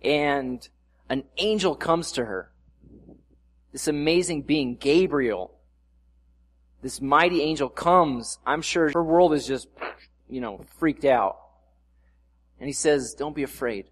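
A man praying and then preaching a casual, conversational sermon, with asides, growing louder and more excited as he reads scripture. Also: on the high side, takes it slowly, long pauses, long reverb tail. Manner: asides and self-corrections. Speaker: pastor.

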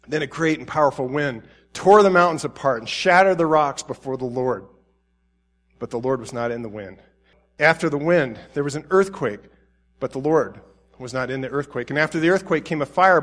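A man preaching a sermon, reading scripture and acting out biblical figures with rising pleading intensity, then dropping to soft tender tones. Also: medium pitch.

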